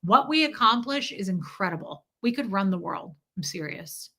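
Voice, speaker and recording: A woman hosts a casual livestream and talks straight to her viewers. Her voice has a bright, forward edge at a medium pitch. She speaks candidly and emphatically, swears freely, and often restarts or repeats words. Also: animated, normal speed, slightly rough. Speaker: livestream host reading viewer chat.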